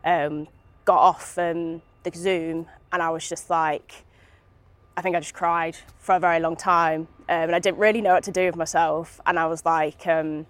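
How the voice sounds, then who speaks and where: A woman's voice: fairly low pitch, fairly even intonation, moderate pace, dry recording. A young woman from Britain, speaking candidly as an interview guest with many fillers and restarts, recorded outdoors in a park.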